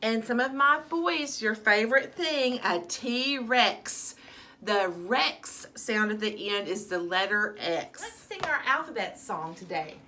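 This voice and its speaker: A woman teaching young children by video, speaking in a slow, sing-song, encouraging way. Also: fairly high pitch, lively intonation, sharp tone. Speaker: preschool teacher. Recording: distant mic with faint room noise.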